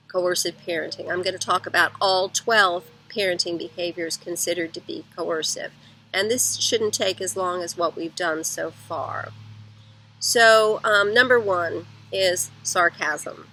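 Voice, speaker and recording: Bright, clear-toned middle-aged woman, conversational teaching talk for parents, counts off points, mid-pitched. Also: poor audio. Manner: conversational, lists points one by one, acts out parents' lines. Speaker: educational psychologist giving parenting advice.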